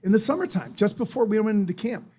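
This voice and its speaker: A former pro football player on a podcast, telling stories in a casual, animated way and acting out the voices of the people in them. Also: male voice, high-pitched, quick pace, husky. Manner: animated, acts out voices in anecdotes. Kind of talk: casual storytelling.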